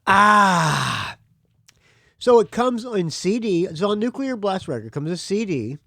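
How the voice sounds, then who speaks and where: Man, solo podcast host, casual, rambling, swears, animated pitch, fairly high, dry. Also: moderate pace, dry recording. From United States.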